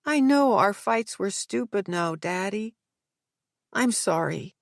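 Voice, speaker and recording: A woman's voice: medium pitch, lively intonation, a little slow, dry recording, clean studio sound, voice pushed up, close to an everyday voice. A woman voicing a sleepy, guarded teenage girl in an audiobook, with short, terse replies. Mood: drowsy, guarded.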